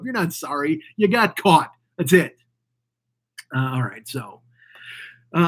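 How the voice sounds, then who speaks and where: A man talking alone on his own show, cursing often and drifting from one gripe to the next. His voice sits high and husky, and he mocks what annoys him with a loose, rambling energy. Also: sing-song, normal speed, a bit bright. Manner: profane, rambling, mocking. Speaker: podcast host. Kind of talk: casual ranting monologue.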